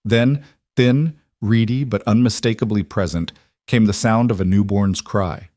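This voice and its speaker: Male narrator, low and dry, measured emotive storytelling. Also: a little mellow, dry recording. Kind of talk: scripted dramatic narration.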